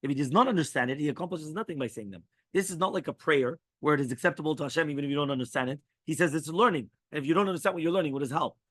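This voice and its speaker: Fast-talking rabbi reading and explaining a text. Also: male voice, on the high side, fairly bright tone, dry recording. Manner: reads quoted passages, then breaks in with quick asides and "right?". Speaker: rabbi teaching halacha.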